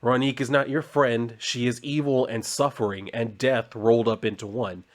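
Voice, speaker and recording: A man's voice: mid-range voice, fairly even intonation, normal speed, lightly acted. A man reading as a sadistic talking smiley button. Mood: mocking. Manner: mocking, crude.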